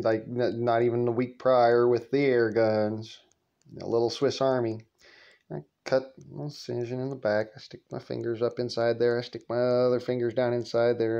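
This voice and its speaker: A man's voice: mid-range voice, a little mellow, clean tone, dull audio. A man casually telling a rambling, profane story from his childhood, laughing as he goes.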